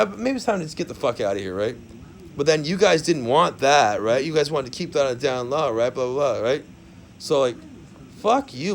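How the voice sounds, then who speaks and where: A man's voice: on the high side, slight background noise. A man ranting into the camera, rambling and profane, forever tacking "man" and "right" onto his sentences. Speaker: vlogger. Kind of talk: profane rant.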